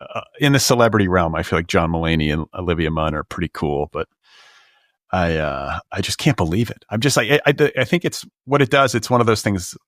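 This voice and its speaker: A man's voice: deep voice, fairly bright tone, dry recording, studio quality. A middle-aged man hosting a podcast, talking in a rambling, exasperated way full of "like" and restarts. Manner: rambling, filler-heavy, exasperated. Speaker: podcast host. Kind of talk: casual comedic chat. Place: Los Angeles.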